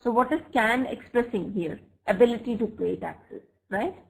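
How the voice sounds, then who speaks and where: Woman, online grammar teacher, slightly high voice, slow examples, keeps asking "right?". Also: gravelly, a little mellow, low-quality recording. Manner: checks understanding with frequent "right?" and "fine?"; slow, deliberate example sentences. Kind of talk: online English grammar lesson. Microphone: computer mic for a web class.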